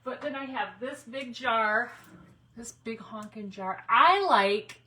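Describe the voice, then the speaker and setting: Woman, middle-aged, chatty folksy craft-stream host, bright voice. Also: on the high side, slow, low-quality recording. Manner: chatty, folksy, talks to viewers by name. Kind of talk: casual live-stream chat.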